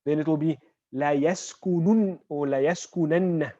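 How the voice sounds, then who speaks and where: A man's voice: fairly high pitch, mellow, dry recording. Man teaching over a dull online call. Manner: patient explaining, checks in with "right?"; slowly spells out example words. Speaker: Arabic teacher. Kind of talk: online class lecture. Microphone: video call.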